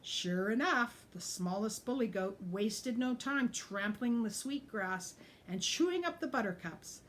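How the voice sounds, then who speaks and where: Lively woman reading a picture book. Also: a little high, unhurried, a little hiss or hum. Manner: lively, animated and explaining pictures. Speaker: teacher reading aloud. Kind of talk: storybook read-aloud for children.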